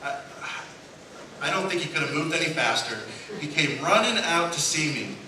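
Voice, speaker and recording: This pastor's voice is fairly high and sharp, with lively intonation and a moderate pace, as he preaches a sermon full of humorous anecdotes. He does voices for the people he quotes and chuckles at his own jokes. The sound comes from a distance in a reverberant church sanctuary, with background noise.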